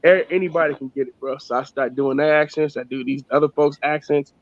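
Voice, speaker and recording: A man's voice: fairly high pitch, steady tone, fast, dry recording. A man co-hosting a casual podcast, telling boastful, profane stories about arguing with fans online. The sound is dull and dry. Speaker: podcast co-host. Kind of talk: casual chat.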